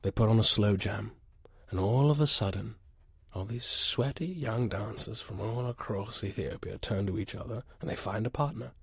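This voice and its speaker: A man's voice: on the low side, normal speed, vocal fry, slightly rough, no echo, clean studio sound. A man guest on a comedy podcast, telling an absurd story in an earnest, mock-dramatic way. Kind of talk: deadpan comic storytelling.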